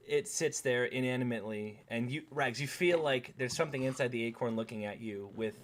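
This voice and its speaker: A man's voice: mid-range voice, a little fast, slight background noise. A man running a tabletop game as game master, narrating scenes with a wry, exasperated manner.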